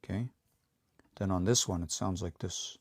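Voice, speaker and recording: A man teaching pronunciation on a livestream, repeating words slowly and coaching learners to say them out loud. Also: low-pitched, no echo. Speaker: language teacher.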